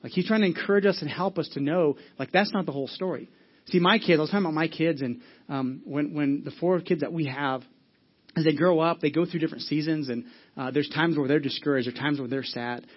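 A man in his thirties preaching a sermon as a pastor, in a conversational way, often repeating words and swinging between loud and soft. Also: a little high, a little fast, husky, highs cut off.

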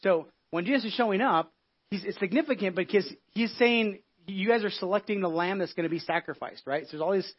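A man preaching a casual, conversational sermon as a pastor, telling the story in an animated way with many restarts and asides. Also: high voice, a little fast, breathy edge, lo-fi sound. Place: church.

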